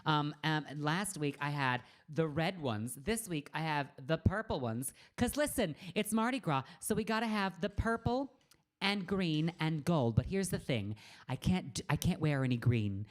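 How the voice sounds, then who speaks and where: A woman's voice: deep voice, lively intonation, normal speed. Bubbly campy woman hosting a live stream. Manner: bubbly and campy, greeting viewers by name. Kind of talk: live-stream chat with viewers. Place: home room with a green screen.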